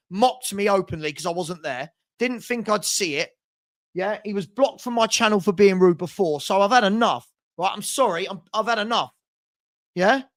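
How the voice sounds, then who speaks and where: A man's voice: sits high, fairly bright tone. Heated man ranting on a watchalong. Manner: heated, insulting, indignant ranting. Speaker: host of a football watchalong. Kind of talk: live watchalong rant.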